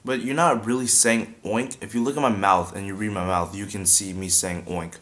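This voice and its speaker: A man's voice: on the low side, fairly even intonation, moderate pace, a bit bright. A young man chatting casually as he teaches beatbox sound effects, breaking off to demonstrate mouth sounds. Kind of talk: casual video tutorial.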